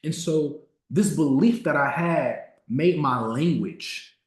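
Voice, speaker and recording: A man in his thirties giving a motivational talk, telling a personal story and slowing down to stress key words. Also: on the high side. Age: 30s. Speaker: motivational speaker. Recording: roomy echo.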